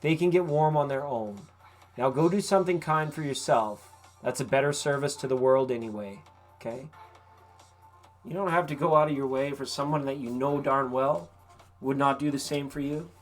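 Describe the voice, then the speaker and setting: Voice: medium pitch, normal speed, faint music behind. Laid-back tarot host chatting live. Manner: relaxed, folksy and encouraging, with casual swearing. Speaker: tarot reader hosting a live stream. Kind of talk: casual live-stream chat with viewers. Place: vacation rental.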